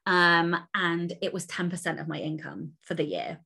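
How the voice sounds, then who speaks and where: A woman's voice: on the low side, very animated, moderate pace, creaky, pushed and bright, slightly rough. A woman author chatting as an interview guest, enthusiastic and talkative, with plenty of fillers. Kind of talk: casual interview conversation.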